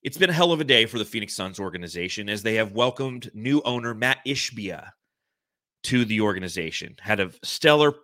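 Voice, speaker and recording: A young man co-hosting a late-night live sports podcast, excited and dramatic, repeating words when he rushes. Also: lowish voice. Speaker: podcast co-host.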